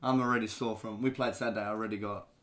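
A man from Australia with an Australian accent, a bartender guest chatting casually on a podcast in an easygoing way, pausing on fillers. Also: on the low side, fairly even intonation, a bit bright.

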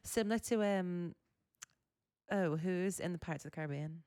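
A woman's voice: on the low side, moderate pace, warm tone, no room sound. A woman on a podcast giving blunt, dry opinions in casual chat. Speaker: podcast co-host.

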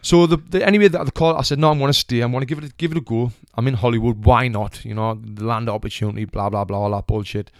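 This retired boxer is a young man from Sunderland, England, spinning an offhand yarn laced with swearing while he voices the people in it. He talks quickly at a medium pitch, with fairly even intonation and few pauses. The studio sound is clean and echo-free.

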